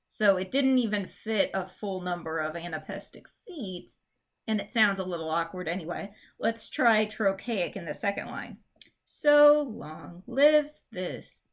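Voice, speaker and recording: A woman teacher giving a recorded English lesson. She explains in a chatty, informal way and reads verse lines slowly, stressing the beats. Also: medium pitch, a bit bright. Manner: chatty, informal fillers and restarts.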